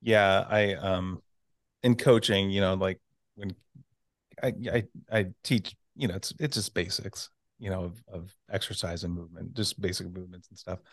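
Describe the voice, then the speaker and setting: A man who teaches, hosting a casual radio chat, halting and repeating words as he talks. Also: sits low, fairly even intonation, no room sound, studio quality.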